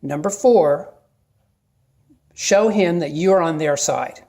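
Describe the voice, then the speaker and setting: A middle-aged man giving casual, plain-spoken advice to viewers, often checking in with a quick "okay?". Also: on the high side, gravelly, a little mellow. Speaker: video host giving advice. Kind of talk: casual instructional talk to camera.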